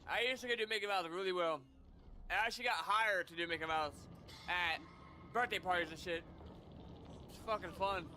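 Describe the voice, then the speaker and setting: A man's voice: high-pitched, fairly quick, pauses often, bright, forceful tone, a little hiss or hum. Profane, laughing young streamer guy. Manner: loose, profane, laughs often. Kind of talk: casual gameplay commentary.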